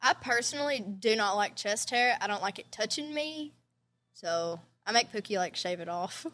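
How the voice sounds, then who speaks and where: A woman's voice: mid-range voice, animated, normal speed, a bit bright. A young woman with a Southern US accent, hosting a casual podcast chat, playful and laughing often. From American South. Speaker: podcast host.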